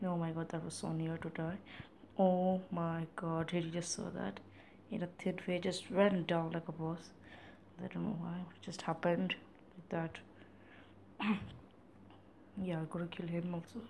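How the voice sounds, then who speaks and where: A man casually commenting on his own gameplay in a playful, chatty way, sometimes dropping into soft whispery asides. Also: a little high, level tone, a little slow, vocal fry, pauses often, a little hiss or hum. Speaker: gaming channel host.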